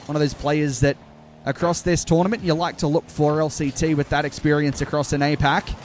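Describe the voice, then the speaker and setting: A young man doing live play-by-play commentary on an esports match, calling the action briskly and breaking off to answer his chat. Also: on the high side, little pitch movement, slight background noise.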